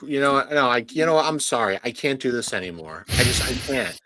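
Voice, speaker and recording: A man's voice: mid-range voice, animated, brisk, sharp tone, dry recording. A man co-hosting a sports podcast, ranting sarcastically in casual chat. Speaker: podcast co-host.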